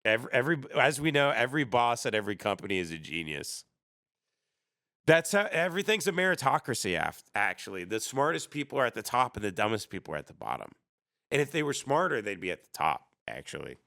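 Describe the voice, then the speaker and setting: A man's voice: medium pitch, big pitch swings, fast talker, gravelly, sharp tone, no room sound, clean studio sound. A man in his thirties telling rambling comedic stories on a livestream, sarcastic and full of mocking put-on voices. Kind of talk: casual comedic storytelling rant.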